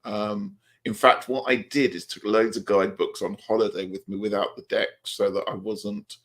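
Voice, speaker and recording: A man's voice: fairly low pitch, fairly even intonation, moderate pace. A man co-hosting a live tarot show, talking with enthusiasm about the stories in the cards. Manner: enthusiastic, storytelling. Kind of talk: casual chat on a live stream.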